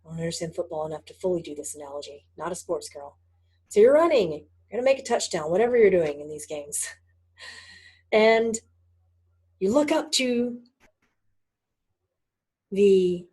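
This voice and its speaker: Woman, spiritual teacher, mellow breathy voice, animated storytelling. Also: mid-range voice, measured pace, pauses often. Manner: animated, laughs often, acts out voices in stories. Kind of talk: casual spiritual teaching talk.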